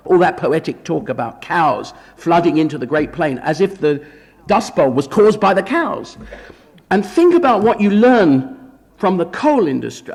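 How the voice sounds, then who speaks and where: A man's voice: a little high, vocal fry, a little mellow. A man giving an academic lecture at a film conference, with wry, ironic asides. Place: conference hall. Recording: long hall reverb.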